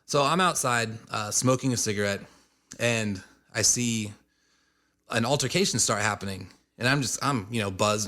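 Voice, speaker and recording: A man's voice: medium pitch, normal speed. A man, a band member, telling a story casually and with life, acting out what others said. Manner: lively, acts out quotes.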